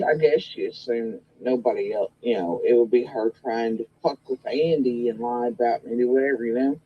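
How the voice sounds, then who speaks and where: A woman's voice: a bass voice, breathy edge, highs cut off. A woman telling a long gossip story in a casual, rambling way, full of swearing and quoted retorts. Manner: profane, rambling and animated. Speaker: guest in a recorded conversation.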